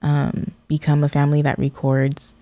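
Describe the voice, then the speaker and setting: A woman's voice: low-pitched, monotone, normal speed, dark tone, no echo. A woman co-hosting a podcast, chatting casually and telling stories with many "like" fillers. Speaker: podcast co-host. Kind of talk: casual chat.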